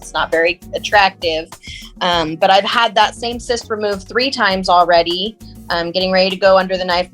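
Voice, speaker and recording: A middle-aged woman co-hosting a podcast, chatty and quick to laugh. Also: fairly low pitch, a bit bright. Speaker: podcast co-host. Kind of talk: casual chat.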